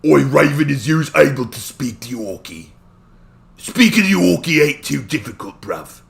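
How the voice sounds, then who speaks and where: A man voicing a dim-witted, brutish male orc in a put-on Cockney accent, talking in a half-shouted growl as he answers a live-stream chat. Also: on the high side, lively intonation, moderate pace, vocal fry, voice pushed up. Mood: boastful.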